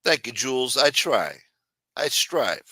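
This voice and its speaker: A man's voice: medium pitch, big pitch swings, a little slow, sharp tone, husky, no room sound. A man hosting a livestream, chatting casually and profanely to his chat and acting out quotes as he retells stories. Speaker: livestream host.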